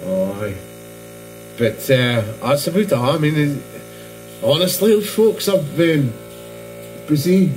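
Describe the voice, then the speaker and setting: A man's voice: on the high side, animated, takes it slowly, long pauses, a little mellow, soft background music. A middle-aged man with a northeast Scottish accent, rambling through profane, storytelling chat in a casual hobby vlog. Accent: Scottish, northeast Doric. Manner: profane, storytelling, heavy swearing. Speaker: hobby painting vlogger.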